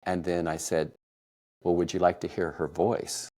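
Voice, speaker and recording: A middle-aged man from Kansas telling a personal family story, emotional and laughing softly now and then. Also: low voice, flat delivery, moderate pace. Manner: warm, emotional retelling with soft laughs. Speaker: podcast storyteller.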